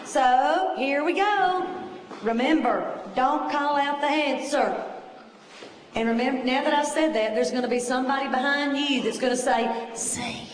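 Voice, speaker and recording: A woman's voice: high voice, steady tone, normal speed, a little hiss or hum. A woman teaching a test prep class, talking in a chatty, reassuring way. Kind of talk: lecture to a class. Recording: echoey room, voice far from the mic.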